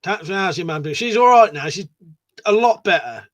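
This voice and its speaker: A man's voice: high-pitched, lively intonation, normal speed. A man hosting a casual livestream, reading viewer messages aloud and chatting back in a matey way, swearing freely. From United Kingdom. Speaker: livestream host.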